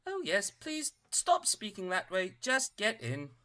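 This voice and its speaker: A tiny male robot automaton speaks in a high, chirpy, mechanical voice. He stays politely cheerful and a little fussy. It is a bright tabletop-game character voice. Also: huge pitch swings, a little slow, heavily acted.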